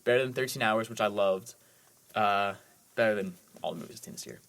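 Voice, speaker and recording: A man with a lowish, somewhat bright voice and vocal fry talks briskly while co-hosting a movie podcast. Recapping films, he rambles casually and enthusiastically, full of eager "like"s.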